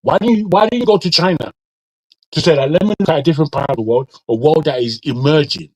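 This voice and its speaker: A man's voice: fairly high pitch, fast, darkish tone, no room sound, poor audio. A man from Nigeria who grew up in Britain, arguing bluntly in a heated casual debate, swearing and repeating his words. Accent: British English with Nigerian touches. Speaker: discussion panelist.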